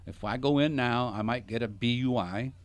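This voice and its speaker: A middle-aged man with a medium-pitched voice speaks at a normal speed on a dry recording. He hosts a radio talk show and also works as a financial advisor, and here he spins a long, joking anecdote in casual chat like a jokey storyteller.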